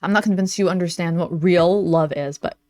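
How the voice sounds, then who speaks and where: A young woman giving casual reaction commentary in a blunt, sarcastic, animated way. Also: lowish voice, brisk.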